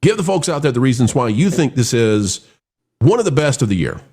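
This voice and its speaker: Animated man hosting a live review. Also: medium pitch, brisk. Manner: animated, rambling with frequent restarts. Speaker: live show host reviewing a film.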